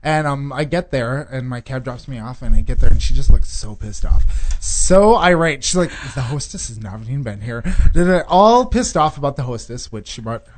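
A man's voice: mid-range voice, moderate pace. A man co-hosting a talk radio show, telling stories in casual banter and laughing often. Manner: animated storyteller, laughs often. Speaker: radio co-host.

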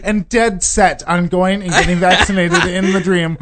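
A man's voice: sits high, normal speed. A man co-hosting a talk radio show, telling stories in casual banter and laughing often. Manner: animated storyteller, laughs often. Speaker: radio co-host.

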